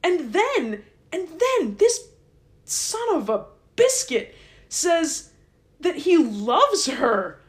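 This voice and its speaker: A woman's voice: very high-pitched, sing-song, drawn-out words. Chatty, irreverent woman host. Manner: irreverent, chatty, swears lightly. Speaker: podcast host. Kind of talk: casual comedic retelling.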